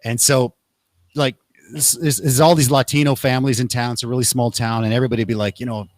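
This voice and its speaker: Young guy hosting a chat, animated storyteller, mid pitch, dry close sound. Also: fast, no echo. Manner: animated, acts out quotes in raised voices. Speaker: podcast host. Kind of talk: casual conversational storytelling.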